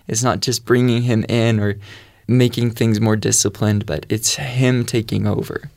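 Earnest man with a gravelly voice. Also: on the low side, level tone, moderate pace, a little mellow, dry recording, studio quality. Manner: earnest storytelling, quotes his own prayers. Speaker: guest sharing testimony. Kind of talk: personal faith testimony.

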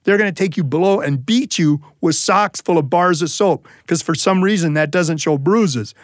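A man quoting a French traveler in a told story, flat and matter-of-fact. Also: fairly high pitch, moderate pace, no echo, studio quality, lightly acted.

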